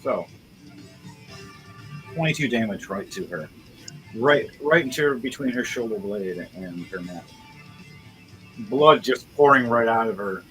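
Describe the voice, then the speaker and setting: A man's voice: mid-range voice, expressive, unhurried, pauses often, fairly bright tone, poor audio. A man narrating as game master with casual, profane, gory descriptions. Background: background music.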